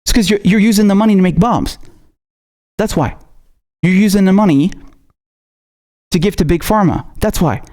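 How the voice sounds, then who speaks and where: A man's voice: sits high, moderate pace, long pauses, darkish tone. A man angrily ranting as a political commentator, swearing constantly and mocking his targets. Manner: profane, furious ranting with sarcastic mock quotes. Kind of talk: angry political rant.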